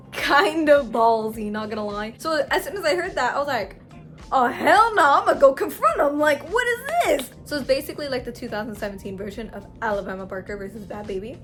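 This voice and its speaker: Slangy young woman telling a story. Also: a little high. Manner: slangy, animated, dramatic swings in loudness. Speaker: vlogger. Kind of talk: story time.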